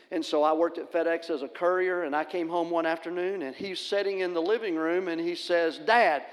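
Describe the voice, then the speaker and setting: A middle-aged male pastor, preaching a sermon in a folksy, animated storytelling manner and acting out the voices in his stories. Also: fairly high pitch. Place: church sanctuary. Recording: long hall reverb.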